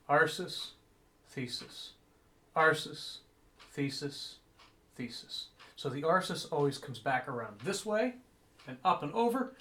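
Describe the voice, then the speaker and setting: American man counting chant beats aloud. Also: a little high. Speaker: music director teaching chant. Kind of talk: explanatory lesson.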